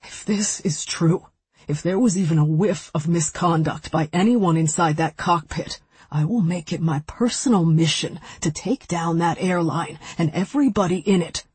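A woman voicing a grieving young widowed father who swings into raw anger, in an audiobook, with a very husky voice. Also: fairly low pitch, moderate pace, darkish tone, dry recording. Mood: furious.

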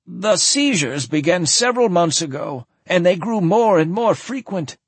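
Man doing a frail old earl, high and thin. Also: lively intonation, unhurried, breathy edge, dry recording, exaggerated voice. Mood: measured. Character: frail old male earl, sad and formal.

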